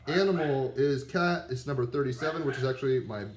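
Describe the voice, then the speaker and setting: Against background noise, a tarot reader in his thirties rambles through a casual pep talk abroad, dogs around, using many fillers and digressions. His voice sits mid-range and moves briskly.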